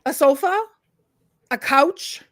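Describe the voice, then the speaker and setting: A woman host chatting casually on a livestream, animated and opinionated, tossing in "like" and "right?" often. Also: high voice, slow pace. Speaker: host, professor and counsellor.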